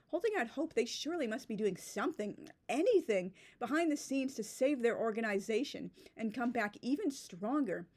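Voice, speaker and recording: A woman's voice: fairly high pitch, darkish tone. A woman blogger giving casual spoken commentary, rambling and sarcastic, with many "like" fillers. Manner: rambling and sarcastic, heavy use of "like". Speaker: blogger reflecting on a writing community.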